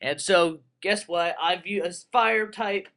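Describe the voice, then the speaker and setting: A young man giving casual, rambling commentary on a game he plays, excitable and full of crude jokes. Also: high-pitched, takes it slowly. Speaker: let's player.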